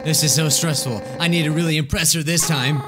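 A man voicing a gruff, proud demon father in a video game, reading his lines in a lowered voice over game music. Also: steady tone, a little fast, background noise, natural voice. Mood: fatherly.

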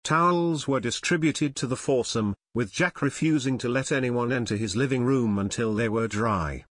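A man's voice: medium pitch, normal speed, slightly rough, dry recording, studio quality. Man narrating a children's fantasy audiobook.

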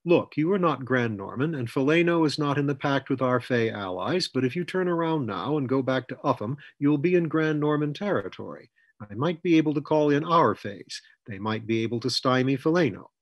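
A man voicing Fletcher, a calm, firm older mentor who talks in a measured, persuasive way. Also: medium pitch, no room sound, highs cut off.

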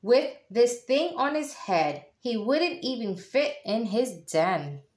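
A woman, a teacher, reading a children's picture book aloud in an expressive way. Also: fairly high pitch. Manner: slow, expressive storytelling. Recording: echoey room.

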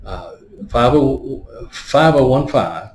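A man's voice: medium pitch, animated, takes it slowly, a little mellow, roomy sound. A man preaching a teaching sermon. He explains words one by one and often stops to ask "right?". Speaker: pastor.

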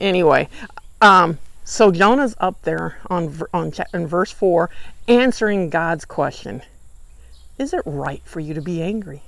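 A woman teaching a church Bible study lesson, lively and animated, acting out the people in the story as she goes. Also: fairly low pitch, normal speed, gravelly, no echo. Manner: animated, acts out the characters' lines.

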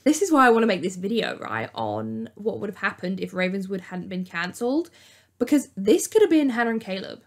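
A young woman hosting a casual, chatty TV recap, acting out quotes in an animated way. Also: mid-range voice, fairly quick. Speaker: YouTube host.

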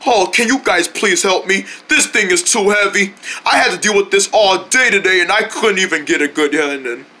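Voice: medium pitch, moderate pace, bright, forceful tone, natural voice. A performer voicing a friendly grown man who is worn out and breathless from lifting something heavy, talking in a strained, pleading way.

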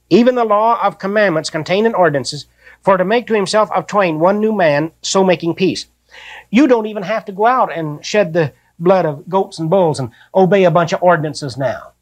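An older man preaching a sermon, reading scripture slowly and then explaining it in plain, folksy talk. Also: high-pitched.

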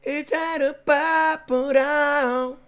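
A young man streaming and reacting to game clips, brash and profane, often breaking into shouting. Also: extremely high pitch, steady tone, very slow, faint music behind. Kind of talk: loud casual stream commentary.

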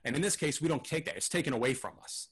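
A man's voice: on the high side, quick pace, fairly bright tone, husky. A man co-hosting a film podcast, talking through his thoughts in a rambling, hesitant way with lots of fillers and restarts. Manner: rambling, hesitant, thinks aloud with many fillers. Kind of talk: casual film discussion.

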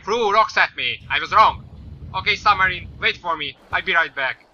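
High, bright-voiced swearing gamer man. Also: expressive, moderate pace. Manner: swears a lot, yells at the game. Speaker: gaming YouTuber. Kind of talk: let's play commentary. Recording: slightly dull lo-fi mic with faint noise.

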